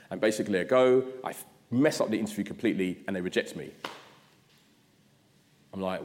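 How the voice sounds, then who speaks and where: A man from South London with a London accent, giving an address as a guest speaker. He tells his story in an animated way and acts out his own past thoughts. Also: on the low side, fast. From South London, England. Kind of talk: storytelling talk. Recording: long reverb of a large hall.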